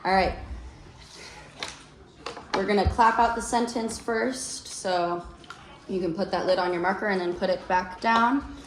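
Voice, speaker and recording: A woman teacher leading a small-group reading lesson, patient and encouraging, slowing down to explain letter sounds. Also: mid-range voice, steady tone, reverberant, background noise. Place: classroom.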